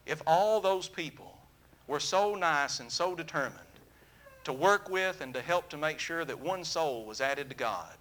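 A man preaching a sermon, telling a story in an earnest, animated way that drops to a soft, intimate tone. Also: on the high side, a little slow.

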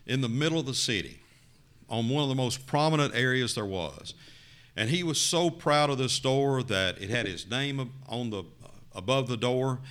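A man preaching a sermon, telling a story with dramatic rises and quiet drops. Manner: dramatic, rising to loud emphasis then dropping low.

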